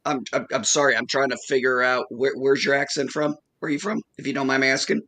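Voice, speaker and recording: A man's voice: medium pitch, fast talker, sharp tone, no echo. A man chatting casually in a group call, teasing and stammering as he asks questions. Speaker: voice chat participant. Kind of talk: casual chat.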